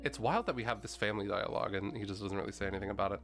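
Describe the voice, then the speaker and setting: A man's voice: on the low side, very fast. A man streaming a video game, reading its text aloud and rambling in a casual, chatty way with plenty of "like" and mild swearing. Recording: faint game music underneath.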